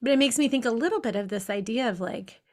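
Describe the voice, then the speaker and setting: A woman's voice: fairly high pitch, animated, fast talker. A woman co-hosting a podcast, talking casually and reflectively and telling anecdotes with frequent laughs. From Pacific Northwest of the US. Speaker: podcast co-host. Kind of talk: casual conversation.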